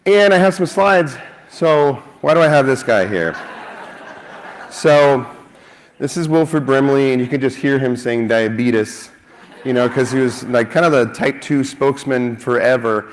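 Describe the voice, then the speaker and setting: A man's voice: mid-range voice, normal speed, a little hiss or hum. Joking man giving a conference talk. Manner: joking, self-mocking, energetic. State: a little out of breath. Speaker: conference speaker. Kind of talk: lively conference talk with jokes. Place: conference hall.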